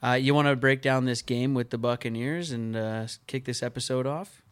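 A man in his thirties hosting a casual sports podcast, telling stories in a lively, playful way. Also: mid-range voice, brisk, clear, resonant tone. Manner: animated, playful storytelling. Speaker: podcast host.

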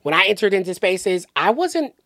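A man from the southern United States chats as a podcast guest, his pitch swooping up and down as he talks. He speaks animatedly and loosely, stacking "like"s and restarting thoughts. The mic is close and dry, with no room sound. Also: moderate pace, no echo. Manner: animated, filler-heavy, lots of "like" and restarts. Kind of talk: casual chat.

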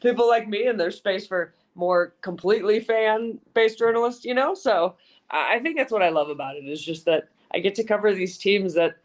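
A young woman, a sports reporter, chatting candidly as a guest in an interview, upbeat and quick to restart her sentences. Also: medium pitch. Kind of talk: casual interview chat.

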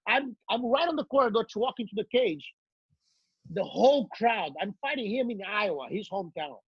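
Husky Brazilian-accented man telling stories. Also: high voice, brisk, dry recording, muffled recording. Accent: Brazilian Portuguese. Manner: animated, laughing, repeats words while telling stories. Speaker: guest. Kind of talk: casual storytelling.

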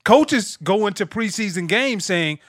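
A man in his thirties hosting a casual chat, a former linebacker who tells animated stories and acts out his teammates. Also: sits high, a little slow, dry recording, studio quality. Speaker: podcast host, former linebacker.

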